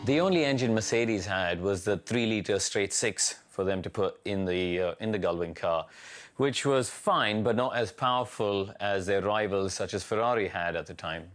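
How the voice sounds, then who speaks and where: Measured low-voiced man. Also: a bit bright, faint music behind. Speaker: expert commentator. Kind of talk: interview comments.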